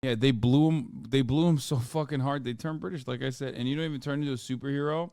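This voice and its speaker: A man reacting casually on a live stream, animated, sarcastic and profane. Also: mid-range voice, fast talker, dry recording, clean studio sound. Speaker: streamer, host.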